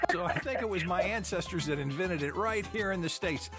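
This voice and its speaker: A man's voice: high voice, moderate pace, over music. A man hosting a genealogy show, talking in a folksy, chatty way with a lot of fillers. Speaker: podcast host. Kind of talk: casual chat.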